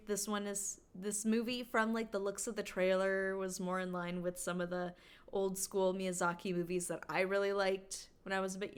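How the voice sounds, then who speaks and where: A woman from Canada chatting casually to her stream viewers, rambling with lots of filler words. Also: medium pitch.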